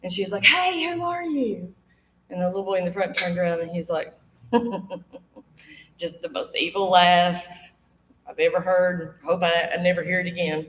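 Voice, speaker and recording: On a studio stage in front of an audience, a woman in her 50s briskly tells a ghost story in a fairly low voice, laughing often and acting out each quoted voice with lively energy. The echoey recording has a little hiss or hum.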